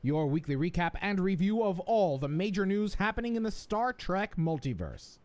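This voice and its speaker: Joking male podcast host, higher voice. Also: big pitch swings, moderate pace, darkish tone. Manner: jokey, scattered, restarts intro lines. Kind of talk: casual podcast banter.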